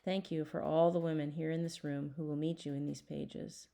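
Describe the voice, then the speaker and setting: A woman voicing a devout, gentle grown woman, the narrator's sister, speaking calmly and with quiet insistence in an audiobook. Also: deep voice, moderate pace, gravelly. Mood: prayerful. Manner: calm, prayerful, quietly insistent.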